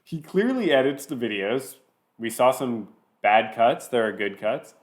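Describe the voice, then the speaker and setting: A man's voice: medium pitch, animated. A man commentating on a video he is watching, mocking it sarcastically and stopping it to make his points. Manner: sarcastic, pausing the clip to mock it. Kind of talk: reaction commentary.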